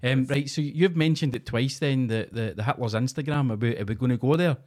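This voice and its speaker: Sweary podcast host. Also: male voice, medium pitch, brisk, a little mellow. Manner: sweary, laughing, banter-heavy. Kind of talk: casual podcast chat.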